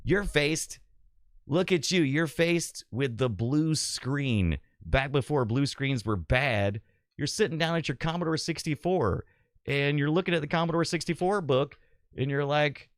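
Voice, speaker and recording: A man's voice: a little high, measured pace, dry recording, clean studio sound. A man hosting a casual livestream, chatting with viewers, laughing often and reading their comments aloud. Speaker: livestream host.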